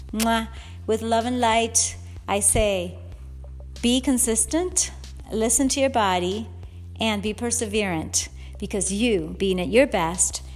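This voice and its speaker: A woman hosting a fitness podcast in an earnest, heartfelt monologue, upset and close to tears. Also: medium pitch.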